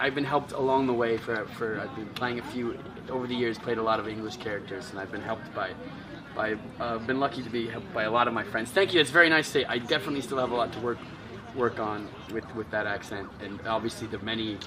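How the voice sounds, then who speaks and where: A man hosting a casual chat outdoors in a city, lively and self-deprecating, laughing as he talks. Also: mid-range voice, quick pace, background noise. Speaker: host and voice actor. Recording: distant mic with street crowd.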